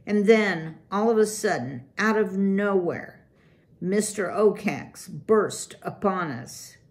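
A woman voicing an earnest young female mouse who stammers and talks haltingly. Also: mid-range voice, animated. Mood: upset.

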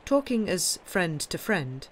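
A woman's voice: fairly low pitch, sing-song, takes it slowly, slight background noise. A woman voicing a naive, gossipy aristocratic baroness in a storybook reading. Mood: confiding.

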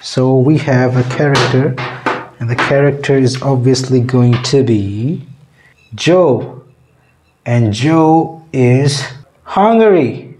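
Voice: medium pitch, slow pace, a little mellow, echoey room. A comedy video creator giving a mock lecture in a teasing, mock-condescending manner.

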